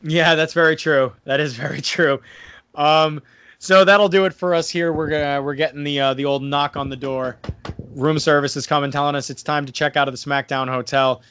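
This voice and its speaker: A man's voice: a little high, fairly even intonation, moderate pace, a bit bright, clear, resonant tone, no room sound, muffled recording. A man co-hosting a casual podcast review, talking loosely with lots of "I mean" and "like". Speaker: podcast co-host and wrestling promoter.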